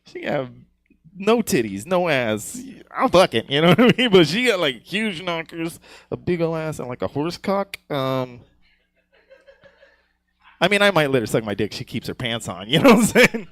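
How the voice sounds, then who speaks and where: A man's voice: on the high side, big pitch swings, moderate pace, fairly bright tone, no room sound. A man doing a live stand-up set on a comedy stage, crude and rambling, laughing at his own jokes and often asking "you know what I'm saying".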